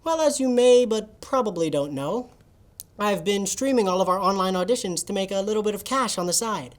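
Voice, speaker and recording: A woman's voice: mid-range voice, animated, fairly quick, natural voice. A woman playing a nonchalant, scheming young male assistant who talks offhandedly over a video call in a comedy sketch.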